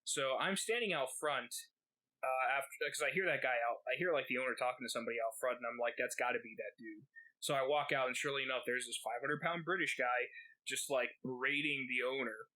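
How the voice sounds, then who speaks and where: A man's voice: mid-range voice, fairly quick, bright, forceful tone, rough recording. A man co-hosting a podcast, telling a rambling, profane story full of fillers. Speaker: podcast co-host. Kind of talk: casual storytelling.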